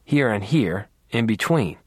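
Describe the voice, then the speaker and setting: A man's voice: on the low side, expressive, unhurried, slightly rough, no echo, studio quality. A man voicing a blunt, matter-of-fact male coworker who speaks broken English.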